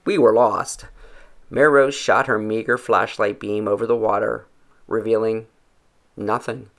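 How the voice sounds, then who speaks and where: A man reads a first-person story aloud, steady and reflective, letting the sentences settle. His voice has a crackly, gravelly texture and a clear, bright edge. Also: on the low side, a little slow. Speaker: narrator.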